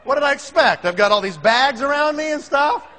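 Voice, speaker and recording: Animated storyteller, man, high voice, bright tone, long reverb of a big hall. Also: a little fast. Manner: animated, acts out the other voices. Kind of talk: comic storytelling.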